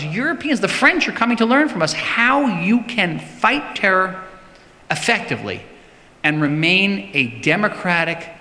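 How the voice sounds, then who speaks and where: Man, bright forceful voice, emphatic speaker fielding questions, long hall reverb. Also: sits high. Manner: emphatic, repeats words for stress. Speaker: politician answering audience questions. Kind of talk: public talk with Q&A. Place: synagogue hall.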